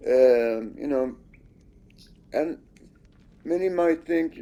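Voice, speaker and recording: A man's voice: a little high, slow, mellow, dull audio. A man giving casual, rambling commentary over his own gameplay, accusing and swearing at the screen.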